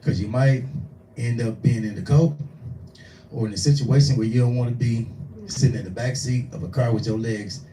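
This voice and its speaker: A man's voice: mid-range voice, normal speed, noisy background. Profane man telling stories on stage. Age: 40s. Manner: profane, animated, acts out voices in his stories. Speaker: stand-up comedian. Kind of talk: live stand-up storytelling. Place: small live venue. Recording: echoey room, distant mic.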